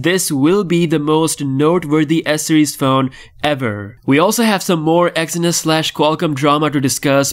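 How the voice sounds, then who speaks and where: A man hosting a tech news vlog, delivering scripted updates in an upbeat, enthusiastic way. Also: on the high side. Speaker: tech channel host.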